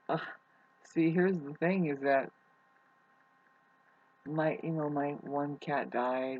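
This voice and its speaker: A vlogger musing in a soft, quiet way, hesitant and full of restarts. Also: mid-range voice, muffled recording. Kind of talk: rambling spiritual musing.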